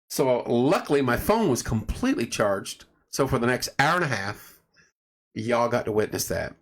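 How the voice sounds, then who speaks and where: A man's voice: mid-range voice, expressive, fairly quick. A man hosting a casual home livestream, rambling through stories and greeting viewers by name. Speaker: livestream host. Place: home room at night.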